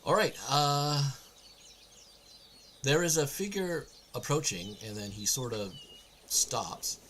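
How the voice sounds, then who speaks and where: A man narrating a tabletop game as game master over a voice call, relaxed and halting, with many fillers. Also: medium pitch, a little hiss or hum. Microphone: online voice call mic.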